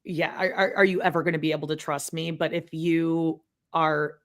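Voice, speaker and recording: A woman co-hosting a casual gossip podcast, reacting drily with quick remarks. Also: low voice, steady tone. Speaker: podcast co-host.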